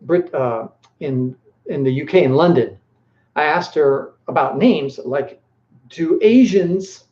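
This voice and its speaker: A man hosting a casual live-stream Q&A, rambling and animated, with lots of filler words. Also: on the high side. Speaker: host. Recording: echoey room, dull lo-fi sound.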